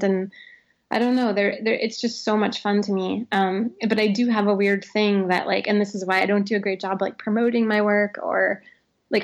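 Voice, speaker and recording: In lo-fi audio, a woman in her thirties with a mid-range voice talks reflectively as an author guest in an interview. She says "like" a great deal, keeps restarting, and laughs often.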